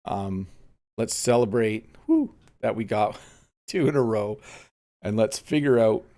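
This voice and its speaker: A man with a lowish, gravelly voice teaches English during a relaxed live stream. He thinks out loud and drifts between points. His talk is loose and unhurried, with plenty of ums. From Canada. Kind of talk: live-streamed casual lesson.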